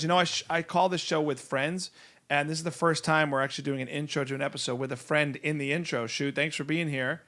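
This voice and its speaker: A man's voice: fairly high pitch, steady tone, fast, fairly bright tone. Upbeat, teasing male podcast host. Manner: upbeat, laughs often, teasing. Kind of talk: casual chat. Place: podcast studio room.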